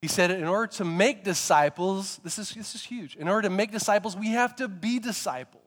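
A man preaching a sermon, telling stories in a lively way and sometimes rising to emphatic shouts. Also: high-pitched, fairly quick, in a large hall. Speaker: pastor.

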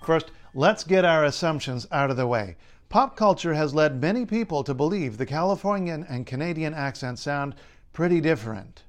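A man's voice: on the high side, expressive, moderate pace. Wry man explaining accents. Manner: clear, wry, lightly humorous delivery. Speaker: linguist and writer. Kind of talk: scripted explainer narration.

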